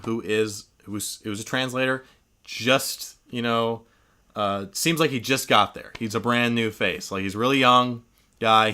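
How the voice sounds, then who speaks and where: Podcast co-host, male, lower pitch, tense bright tone, detail-heavy enthusiast. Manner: enthusiastic, explains film history in detail. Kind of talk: casual film discussion.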